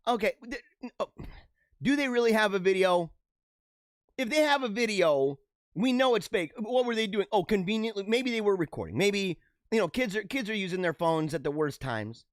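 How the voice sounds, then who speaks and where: A man's voice: high-pitched, animated, moderate pace, no echo, studio quality. A middle-aged man hosting a show, giving rambling, joking commentary on the news and laughing often. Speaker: show host.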